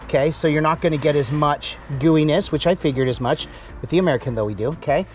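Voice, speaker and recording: A man's voice: on the high side, fast, slight background noise. Chatty upbeat man tasting food. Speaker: cooking channel co-host. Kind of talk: casual cooking and tasting chat.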